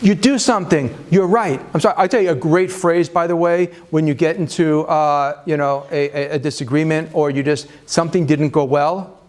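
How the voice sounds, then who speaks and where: A man's voice: a little high, normal speed, a little mellow. A man leading a marriage seminar, talking conversationally to an audience with self-deprecating humor, many fillers and restarts. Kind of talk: live seminar talk to an audience.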